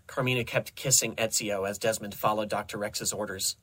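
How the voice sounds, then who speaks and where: A young man reading comedic fan fiction aloud in a dry, deadpan narrating voice. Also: on the low side, fairly quick, few pauses, breathy edge. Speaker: host reading stories aloud.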